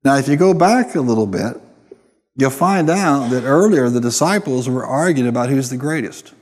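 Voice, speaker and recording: A man's voice: mid-range voice, expressive, normal speed, long reverb tail. A man preaching a sermon, emphatic, often calling on the congregation to answer. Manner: emphatic, calls for responses from the congregation.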